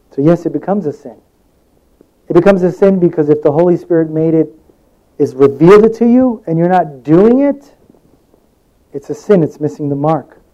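A man delivers a sermon in a loose, conversational way, his voice a little higher than most men's and mellow in tone. He tells stories from his own life and slips into the voices of the people in them. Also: poor audio. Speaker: preacher.

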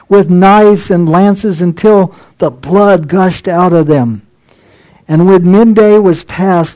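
A man with a notably high-pitched voice delivers an expository sermon. His tone is dark and mellow rather than bright. He reads scripture aloud, comments on each verse, and now and then chuckles at the text. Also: rough recording. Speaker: preacher.

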